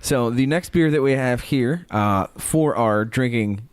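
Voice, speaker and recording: A man's voice: medium pitch, unhurried, clear, resonant tone, no echo. A man hosting a podcast in casual chat, wry and fond of puns. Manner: wry, punning. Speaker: podcast host.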